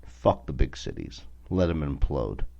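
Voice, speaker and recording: Southern man, very low voice, slow blunt profane rant, dull lo-fi sound. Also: sing-song, warm tone. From American South. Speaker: podcast host. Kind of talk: casual solo rant.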